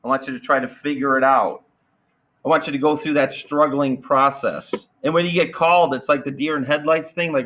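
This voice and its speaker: A man teaching a math class, energetic and playful, firing questions at students. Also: a little high, moderate pace, poor audio. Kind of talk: classroom lesson.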